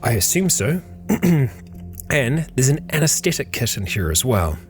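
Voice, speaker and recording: Man, game playthrough commentary, unhurried, calm, musing, music playing behind. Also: medium pitch. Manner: calm, musing narration addressing his character. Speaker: let's play host.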